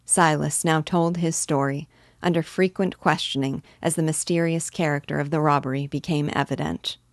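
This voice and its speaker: A woman teacher reading a classic novel aloud in measured narration. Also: deep voice, fairly even intonation, no room sound, studio quality. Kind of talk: audiobook narration.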